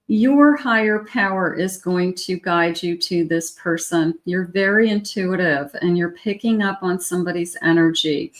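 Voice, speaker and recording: A middle-aged woman giving a tarot love reading in a chatty, rambling way, with restarts and little laughs. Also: fairly low pitch. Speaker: tarot reader.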